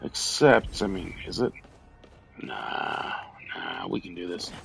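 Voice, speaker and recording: A man's voice: deep voice, wildly swooping pitch, slow, gravelly, a bit bright, faint music behind. A man streaming a video game while drunk, rambling and stammering, swearing at enemies as he plays. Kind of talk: casual drunk gameplay commentary.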